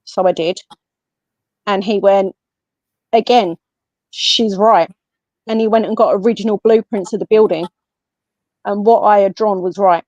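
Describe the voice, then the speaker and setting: A woman with an English accent, a guest on a podcast, telling a personal story in a casual, animated way and acting out what others said. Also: medium pitch, moderate pace, long pauses, dry recording. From England. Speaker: guest, medium and paranormal investigator. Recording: slightly muffled, dry lo-fi audio.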